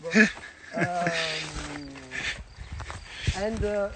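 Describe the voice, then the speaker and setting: A young man from France, speaking English with a French accent, gives a halting tour full of fillers as a winemaker outdoors. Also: on the high side, bright, forceful tone, rough recording. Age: young adult. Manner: halting, many filler sounds and restarts. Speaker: winemaker giving a vineyard tour. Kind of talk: casual guided talk. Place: outdoors in a vineyard.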